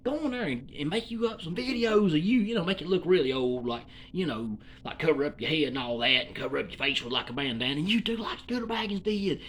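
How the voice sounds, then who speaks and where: High, lively Southern man from Alabama. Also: fast talker, few pauses, slight background noise. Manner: folksy, profane, meandering. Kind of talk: rambling comedic monologue.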